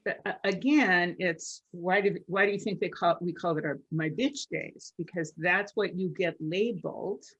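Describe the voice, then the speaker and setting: Low-ish woman guest voice, lively quick bursts, restarts her sentences. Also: husky, lo-fi sound. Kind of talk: casual podcast conversation.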